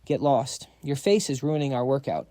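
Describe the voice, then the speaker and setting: A man's voice: medium pitch, normal speed, dark tone, dry recording, studio quality, lightly acted. A man reading as a sassy young female coach. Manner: sassy and teasing.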